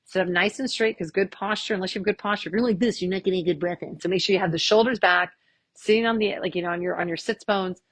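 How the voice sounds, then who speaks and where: A woman chiropractor leads a casual stress workshop in a husky, slightly low voice. She chats and pokes fun at herself, then guides listeners through slow breathing counts. The sound is close and dry. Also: no echo. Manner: chatty and self-mocking, guides breathing counts. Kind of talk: casual live workshop talk.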